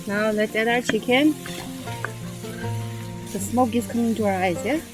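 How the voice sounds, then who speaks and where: A woman hosting a cooking vlog outdoors on a windy farm, talking through each step in a relaxed, casual way and checking in with "yeah?", recorded on a camera mic. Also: a little high, measured pace, music in the background. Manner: relaxed, tags lines with "yeah?". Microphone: camera mic, no external microphone.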